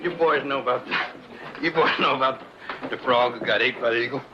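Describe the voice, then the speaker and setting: An actor playing a crude, wisecracking frontier saloon owner who jokes and swears in a coarse way, in 1970s western film acting. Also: male voice, mid-range voice, brisk, lightly acted. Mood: joke-telling. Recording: dull old film soundtrack with hiss.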